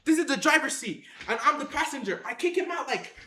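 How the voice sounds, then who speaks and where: An animated storyteller telling a wild story to camera in casual slang, acting out scenes with sound effects, repeated phrases and shouted lines. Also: sits high, brisk, reverberant, slight background noise.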